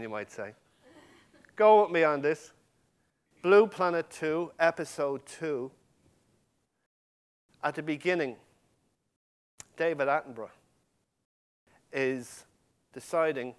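A man delivers an impassioned sermon straight to the congregation, moving between loud, emphatic lines and quiet, almost whispered ones. His voice sits a little high, with lively intonation and a clear, resonant tone. He speaks unhurriedly and leaves long pauses.

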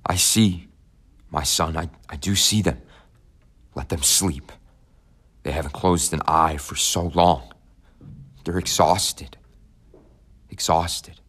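A weak, frightened old father pleads to be left alone to rest, his voice low and tender, as a deep-voiced narrator gives him voice. The tone is faint and drained, like a man at the end of his strength. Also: slow, pauses often, a bit bright, slightly rough, heavily acted. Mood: weary pleading.

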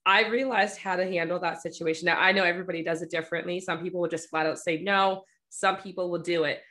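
Woman, photographer, podcast chat, slightly low voice, blunt, joking, acts out dialogue. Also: steady tone, fast talker, a bit bright. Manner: blunt, self-described smart aleck, acts out quoted friends with laughter.

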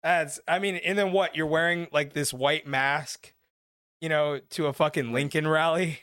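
A man's voice: on the high side, steady tone, moderate pace, a bit bright, dry recording, studio quality. A man co-hosting a podcast, rambling and swearing through casual banter and laughing a lot. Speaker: podcast co-host.

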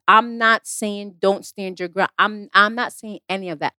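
A woman's voice: medium pitch, fairly even intonation, unhurried, sharp tone, smooth, no echo. A woman talking about her acting career in a casual motivational talk, emphatic and repetitive, acting out the exchanges she quotes. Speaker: actress giving career advice.

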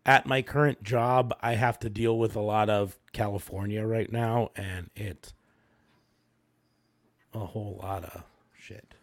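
A man co-hosting a casual chat, rambling with many pauses and fillers. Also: fairly low pitch, fairly even intonation. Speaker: podcast co-host.

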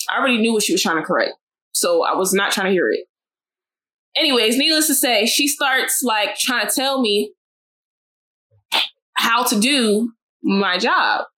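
A young woman from West Africa, telling a story in blunt, profane, animated casual chat as a podcast co-host. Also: mid-range voice.

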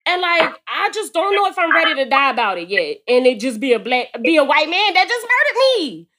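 Lively high-voiced woman podcast host. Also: fairly quick. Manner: blunt, profane, laughing storyteller. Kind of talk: casual chat.

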